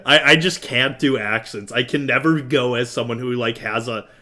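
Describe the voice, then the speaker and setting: A man's voice: medium pitch, normal speed, background noise. A young man from Wisconsin co-hosting a podcast, laid-back and rambling, swearing casually. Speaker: podcast co-host. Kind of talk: casual chat.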